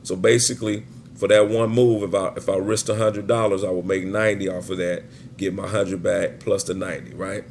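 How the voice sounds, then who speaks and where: A man's voice: sits low, level tone, brisk, vocal fry, a little mellow, slight background noise. A man teaching sports betting in a casual screen-share walkthrough, chatty and often checking in with his listeners. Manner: chatty, keeps checking in with "right?" and "guys".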